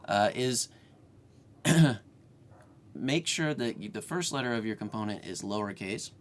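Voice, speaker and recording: A man's voice: fairly low pitch, measured pace, slight background noise. A man hosting a screen-share coding tutorial, talking casually with lots of fillers and restarts, at home. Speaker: programming tutorial host.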